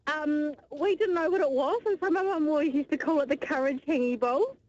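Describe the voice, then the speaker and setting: A woman's voice: sits high, a little fast, a little mellow. A woman phoning into a radio show, telling a sheepish story with giggles. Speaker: caller. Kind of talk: phone-in chat. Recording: dull phone-in line.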